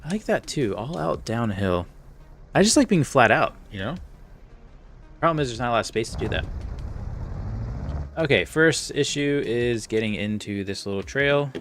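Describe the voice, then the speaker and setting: A man's voice: medium pitch, lively intonation, normal speed, long pauses, fairly bright tone, slight background noise. A man casually narrating as he plays and edits a game, thinking aloud and talking himself through each step. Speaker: game modder and video creator. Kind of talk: casual commentary while playing and editing a game.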